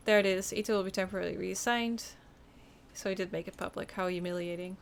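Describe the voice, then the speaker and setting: A woman's voice: mid-range voice, fairly even intonation, fast, vocal fry, slight background noise, lightly acted. A woman voicing a determined young female detective, reading her wry, resentful inner monologue aloud from a game. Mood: bitter.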